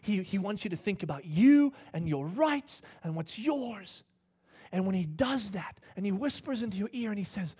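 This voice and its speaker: A man's voice: high voice, moderate pace, slightly rough. A man in his thirties preaching a sermon, telling a personal family story and acting out the voices in it. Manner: animated, acts out voices in his stories. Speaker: pastor.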